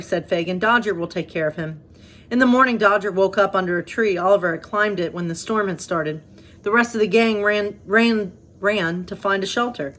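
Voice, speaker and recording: A woman's voice: mid-range voice, a bit bright. Chatty woman pastor reading bedtime stories. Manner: chatty, rambling asides. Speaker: pastor, storyteller.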